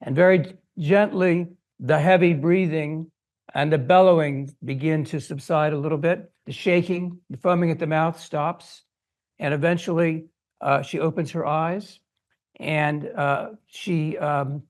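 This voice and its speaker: A man's voice: a little high, a little slow. An older man giving an academic lecture to an audience, telling a story and acting out the voices he quotes. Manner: animated, acts out quoted voices. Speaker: guest lecturer. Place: lecture hall.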